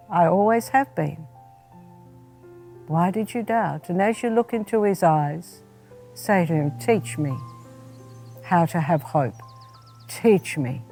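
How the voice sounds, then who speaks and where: A woman, a spiritual director, gently leading a guided prayer meditation and speaking straight to the listener. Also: on the low side. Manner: gentle, unhurried, second-person guidance.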